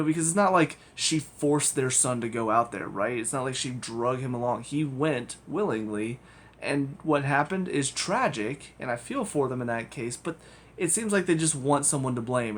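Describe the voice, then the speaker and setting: A man's voice: mid-range voice, slight background noise. A man giving a casual spoken TV review, rambling and hedging with frequent ums and restarts.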